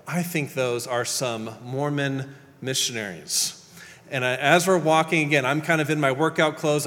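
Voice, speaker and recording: A man's voice: on the high side, fairly bright tone. A man in his thirties, a pastor, preaching an evening sermon and telling a personal story with quoted dialogue. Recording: long hall reverb.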